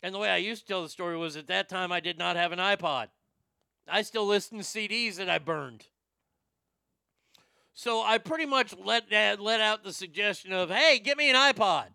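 Man, rambling profane storyteller, bright clear voice, a bit of vocal fry, dry close mic. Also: high-pitched, no room sound. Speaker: comedian telling stories to a live chat. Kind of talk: storytelling stream chat.

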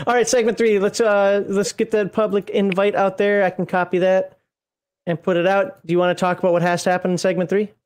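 High-voiced rambling male co-host. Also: level tone, brisk, darkish tone. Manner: rambling, laughs often. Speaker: podcast co-host. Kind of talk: casual live-stream chat.

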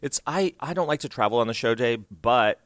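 A man's voice: mid-range voice, a little fast, no echo. American guy hosting a podcast, easygoing, asks a lot of questions, dry close mic. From United States. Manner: relaxed storyteller who asks questions. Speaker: podcast host. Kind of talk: casual chat.

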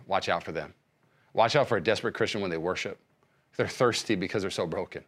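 A man preaching a sermon as pastor, swinging between quiet, slow passages and loud, fervent bursts, often repeating words as he restarts. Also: mid-range voice.

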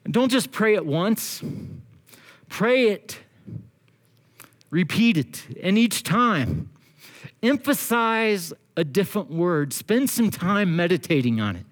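A man preaching a sermon as pastor, earnest and exhorting, with slow emphatic phrasing. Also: high voice, sing-song.

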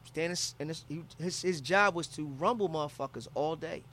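A man's voice: fairly high pitch, a little fast, a little hiss or hum. Profane storytelling man from Philly. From Philadelphia. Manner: profane, animated storytelling with acted-out quotes. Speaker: comedian telling a travel story. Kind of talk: casual storytelling.

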